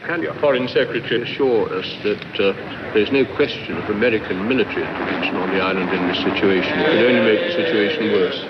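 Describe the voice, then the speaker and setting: A man's voice: fairly low pitch, quick pace, distant mic. A man questioning a minister in a parliamentary debate. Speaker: member of parliament. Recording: muffled, loud-noise archive parliament audio.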